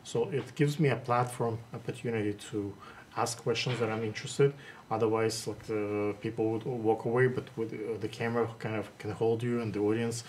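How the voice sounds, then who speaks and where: A man who hosts interviews, talking in a casual, halting way, full of hesitations and restarts. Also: lowish voice, steady tone, a little mellow, a little hiss or hum. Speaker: interviewer host.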